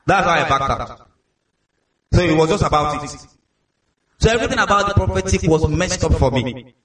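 A Nigerian man preaches a sermon with a fairly high voice. He tells stories with energy and often repeats his words. He sounds far from the mic, and his voice booms around a big echoing hall. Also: a little fast, long pauses. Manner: lively storytelling with repeated words.

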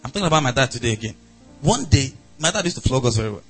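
A man with a Nigerian accent preaching a sermon, animated and acting out quoted voices. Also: medium pitch, rapid-fire, soft background music. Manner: animated preaching, acts out angry voices, laughs. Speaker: pastor.

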